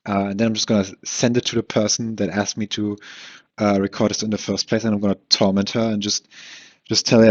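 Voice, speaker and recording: A young man talks alone into a home mic, rambling, cursing and tripping over restarts, with a slight lisp that slurs his words. His voice sits low and a bit husky. The recording is dry and dull, like a cheap setup in a small room. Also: little pitch movement, fairly quick, no echo. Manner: rambling, profane, self-deprecating, lots of fillers and restarts. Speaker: podcast host. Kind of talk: solo rambling podcast.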